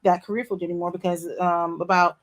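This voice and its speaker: A woman's voice: fairly low pitch, brisk, muffled recording. A woman vlogger telling a long story in a casual, digressive way at home, with frequent asides and apologies. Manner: animated, laughing. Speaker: commentary vlogger. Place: home, near her back window.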